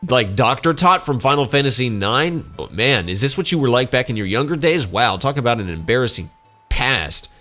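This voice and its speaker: A man's voice: medium pitch, sing-song, moderate pace, sharp tone, soft background music. A man casually commenting on a video game as he plays, sarcastic and joking. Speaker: let's play host.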